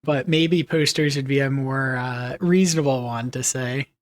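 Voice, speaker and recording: A man's voice: mid-range voice, fairly even intonation, moderate pace. A young man chatting casually on a live stream, rambling and reading chat messages aloud with easy laughs.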